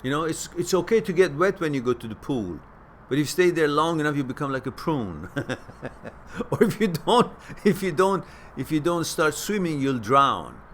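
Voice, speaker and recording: A man hosting a question-and-answer stream, giving casual spoken advice that turns animated as he stresses points and repeats words. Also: on the high side, moderate pace, a little hiss or hum. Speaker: host answering viewer questions.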